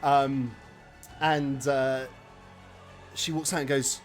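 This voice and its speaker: A man's voice: medium pitch, level tone, takes it slowly, soft background music. A man narrating as game master of a tabletop role-playing game, rambling with restarts. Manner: rambling, many fillers and restarts.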